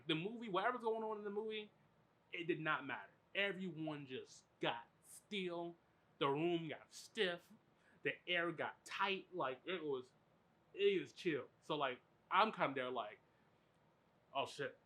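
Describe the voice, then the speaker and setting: A man hosting a podcast, telling a story in animated, profane, filler-heavy casual chat. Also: a little high. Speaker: podcast host.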